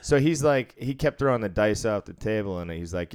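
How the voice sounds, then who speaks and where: A man's voice: lowish voice, moderate pace, hardly any pauses, clean tone. A man who deals craps, telling a casual, profanity-laced story about work and laughing as he goes. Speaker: casino craps dealer.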